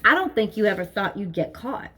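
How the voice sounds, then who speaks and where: A woman's voice: mid-range voice, big pitch swings, brisk, pushed and bright, husky. A woman giving a tarot reading at home, talking earnestly and repeating herself as she thinks aloud. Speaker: tarot reader. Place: home, seated at desk with her dog nearby.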